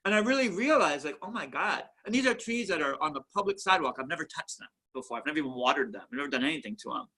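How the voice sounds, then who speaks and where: A man who founded a museum chats in an interview at home, an animated storyteller who repeats and restarts his words. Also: a little high, racing. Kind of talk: casual interview chat.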